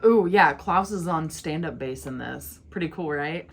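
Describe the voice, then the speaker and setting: A woman's voice: sits low, moderate pace. A young woman chatting casually while reacting to an album, giggly and teary. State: tearful. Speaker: music reaction vlogger. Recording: music playing loudly behind. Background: music.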